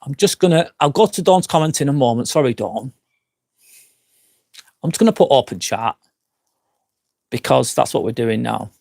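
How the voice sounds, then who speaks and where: A man's voice: mid-range voice, expressive, normal speed, creaky, long pauses, a little mellow, dry recording. Tipsy, slurring man in his forties, casual live-stream host outdoors at night, rambling and foul-mouthed, mid-range voice. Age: 40s. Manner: rambling and frank, swears often. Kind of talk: casual live-stream chat, answering comments. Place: outdoors at night by a campsite fire pit.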